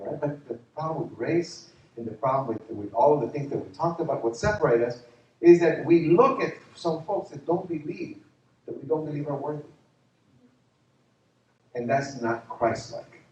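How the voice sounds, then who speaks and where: A man preaching a sermon as a pastor, telling stories in an animated way and laughing along with them. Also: mid-range voice, slight background noise. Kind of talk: storytelling sermon. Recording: echoey hall, distant muffled mic.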